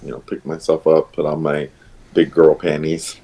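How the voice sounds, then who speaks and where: A man on a podcast telling a personal story in a hesitant, halting way, full of pauses and restarts. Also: rumbling low, flat delivery, creaky, dark tone, rough recording. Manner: hesitant, many ums and restarts, emotional retelling. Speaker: podcast guest.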